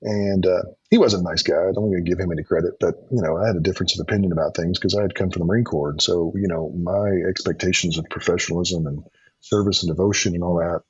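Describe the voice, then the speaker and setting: Deep husky man telling his story. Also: fairly even intonation, fast talker, no room sound. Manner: earnest, storytelling, frequent restarts and ums. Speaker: podcast guest. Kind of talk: personal testimony in conversation. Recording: dull lo-fi sound.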